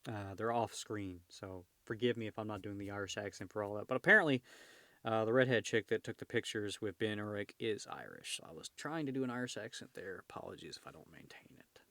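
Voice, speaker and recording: A man's voice: lowish voice, expressive, fairly quick, vocal fry, sharp tone, no room sound. Chatty man reading comics at home. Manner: chatty, rambling asides with fillers. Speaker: comic read-along host. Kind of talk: casual comic read-along commentary. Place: home room with his cat.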